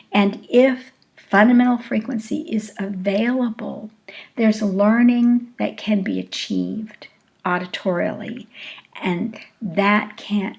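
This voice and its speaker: A woman giving a recorded lecture on speech acoustics, explaining deliberately and acting out short example phrases. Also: medium pitch, creaky.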